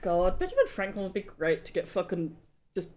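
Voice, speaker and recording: A woman's voice: fairly low pitch, sing-song, brisk, darkish tone. A woman co-hosting a casual podcast, wry and swearing, trading playful comebacks. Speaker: podcast co-host. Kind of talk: casual banter.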